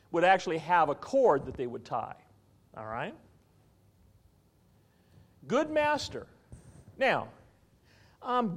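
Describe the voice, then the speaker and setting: A man preaching a sermon in an animated teaching style, often asking his listeners questions. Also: fairly high pitch. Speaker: pastor.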